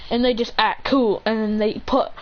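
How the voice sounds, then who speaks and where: Be a woman playing a cocky teenage schoolboy: dismissive, blunt, sarcastic, a bit higher, through a dull hissy mic. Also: little pitch movement, normal speed, lightly acted. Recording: dull lo-fi recording with hiss.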